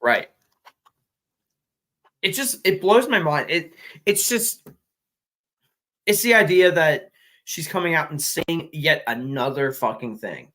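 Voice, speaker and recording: A man's voice: on the high side, lively intonation, slow, long pauses, fairly bright tone, low-quality recording. Exasperated, profane man ranting casually. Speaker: podcast co-host. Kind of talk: casual opinionated commentary.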